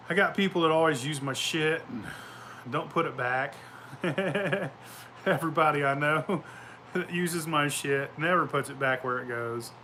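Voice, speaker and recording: Bright-voiced, profane storytelling man. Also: a little high, slight background noise. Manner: profane, rambling, laughing storyteller. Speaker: vlogger. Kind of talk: casual chat. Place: outdoors at home.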